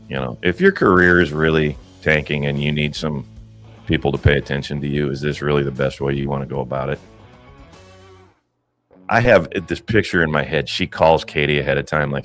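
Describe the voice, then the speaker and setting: Very deep-voiced blunt man. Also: expressive, normal speed, a bit bright, faint music behind. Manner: blunt, profane, laughing asides. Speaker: commentary host. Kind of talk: casual commentary.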